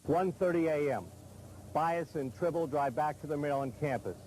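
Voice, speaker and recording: A man narrating a television news report in a measured, grave, scripted delivery. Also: a little high, noisy background.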